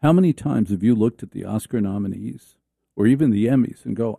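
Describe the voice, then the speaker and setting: Guy hosting talk radio, sarcastic rambling riff, very mellow voice, dry studio sound. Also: mid-range voice, fairly quick, gravelly, slightly rough, dry recording. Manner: rambling, sarcastic, with restarts and stammers. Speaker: radio talk show host. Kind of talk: comic rant monologue.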